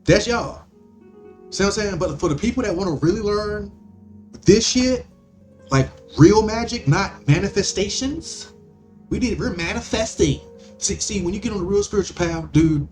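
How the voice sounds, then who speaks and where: A man's voice: high voice, darkish tone. A man hosting a podcast, ranting in a profane, rambling monologue full of stammering restarts. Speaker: podcast host.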